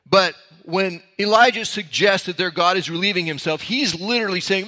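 A man's voice: sits high, moderate pace, sharp tone. A man preaching a sermon, reading verses aloud and explaining them with casual asides. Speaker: pastor.

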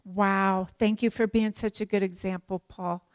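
A woman teaching a sermon to women, animated and emphatic, with playful joking asides. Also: medium pitch, a little slow, no echo. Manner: animated and emphatic, acts out prayers and quotes.

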